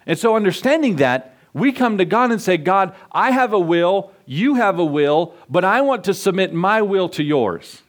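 In a church sanctuary, a pastor with a high voice preaches a sermon at a moderate pace with few pauses. He tells animated stories and acts out the voices of the people in them.

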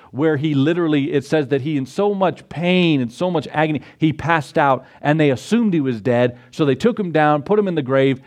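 A man preaches a sermon, his voice a touch high for a man. He is animated, dramatizing scripture scenes and slipping into the voices of the people he quotes. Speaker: pastor.

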